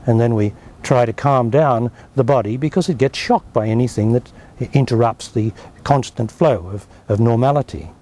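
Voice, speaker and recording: A man's voice: medium pitch, normal speed, hardly any pauses, dark tone. A man with an Australian accent, a spiritual teacher giving emphatic, blunt answers in an interview. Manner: emphatic, blunt, dismissive of objections.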